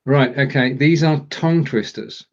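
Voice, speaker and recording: A man's voice: mid-range voice, normal speed, muffled recording. A man co-hosting a casual live language lesson, joking as he stumbles through German phrases. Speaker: co-host and learner.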